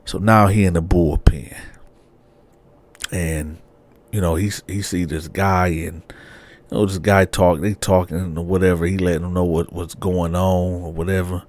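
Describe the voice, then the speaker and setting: Animated, slangy male storyteller, low voice. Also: moderate pace. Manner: animated, slangy, keeps asking "right?". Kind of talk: casual true-crime storytelling.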